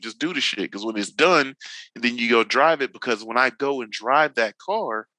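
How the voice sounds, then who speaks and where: A man's voice: medium pitch, normal speed, pushed and bright, dry recording, poor audio. A man in his forties from Northern California, a podcast guest chatting casually, telling slangy, profane stories and acting out what people said. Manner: loose slangy storytelling, swears freely, acts out quotes. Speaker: podcast guest, drifting veteran. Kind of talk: casual chat.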